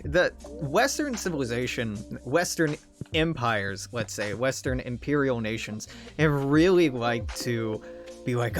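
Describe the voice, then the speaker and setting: A man at his home streaming desk talks through a game in a loose, rambling way. He swears freely and wanders off topic in a mid-range, unremarkable voice. Quiet game music plays faintly in the background. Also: mid-range voice, animated, a little slow. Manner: rambling, digressive and profane. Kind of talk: casual rambling gameplay commentary.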